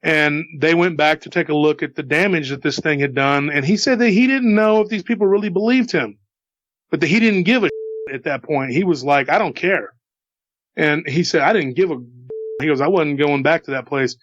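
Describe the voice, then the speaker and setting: A man's voice: on the high side, fairly quick, a bit bright, no room sound. A man casually retelling a friend's eerie encounter, rambling and repeating himself as he goes. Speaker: storyteller. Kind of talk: casual retelling of an eyewitness story. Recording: dull lo-fi dry recording.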